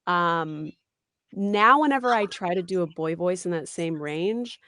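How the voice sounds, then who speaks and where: Voice actress guest, woman, 30s, lowish pitch, animated and chatty, dry close recording. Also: a little slow, dry recording. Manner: animated, chatty, many fillers and laughs. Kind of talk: casual interview chat.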